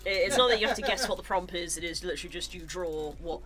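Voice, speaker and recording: Female, lowish voice, easy conversational chat; music bed. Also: quick pace. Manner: chatty, laughs often between remarks. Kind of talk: casual chat on a stream.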